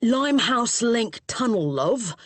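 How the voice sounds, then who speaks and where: A man's voice: extremely high pitch, sing-song, slow pace, a bit bright, no echo, voice pushed up, full character voice. A woman voicing a cheery male London cab driver with a heavy Cockney accent and a breezy way of talking. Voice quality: breezy, calls people love.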